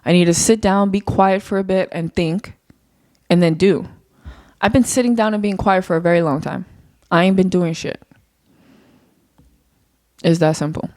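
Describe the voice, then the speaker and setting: A woman's voice: fairly low pitch, normal speed, pauses often, a little mellow, no echo, studio quality. A young woman hosting her own podcast, talking candidly and off the cuff in a rambling way, swearing casually. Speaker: podcast host. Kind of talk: casual solo podcast monologue.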